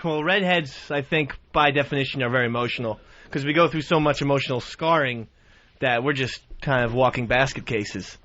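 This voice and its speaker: A man's voice: medium pitch, a little fast, sharp tone. A man who is a regular on a radio talk show, telling a story in a rambling, self-deprecating way. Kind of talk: casual radio banter. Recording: dull radio studio sound.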